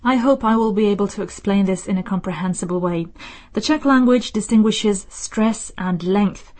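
A woman with a medium-pitched, slightly mellow voice hosts a radio show answering listener mail. Speaking from a studio, she reads her script in a measured, explanatory way.

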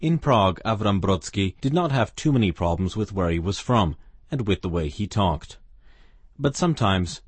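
A man reads a passage from a novel aloud in a calm, steady storytelling manner. His voice is low and slightly husky. The recording is dry and close, with no room sound. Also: no room sound. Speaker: reader of a novel excerpt. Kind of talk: literary reading.

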